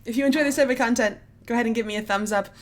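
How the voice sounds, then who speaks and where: A woman's voice: fairly high pitch, rapid-fire. A woman in her thirties chatting casually at home as she unboxes beauty products, wry and self-mocking as she works through the prices. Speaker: beauty vlogger.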